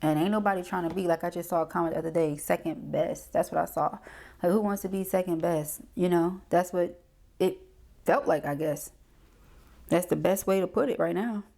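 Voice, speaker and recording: A woman's voice: fairly low pitch, brisk, creaky, mellow. A woman doing a casual tarot reading, chatty and slangy, often checking in with "okay?". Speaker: tarot reader.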